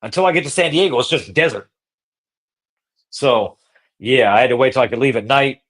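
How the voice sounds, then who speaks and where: A man hosting a podcast, telling a road-trip story in casual, profane, slangy talk that gets animated. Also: medium pitch, fairly quick. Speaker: podcast host.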